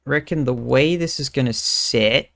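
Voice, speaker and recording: Slow-talking man thinking aloud while gaming. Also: medium pitch, gravelly, fairly bright tone. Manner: thinking aloud, muttering counts under his breath. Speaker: streamer. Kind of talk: casual gaming commentary.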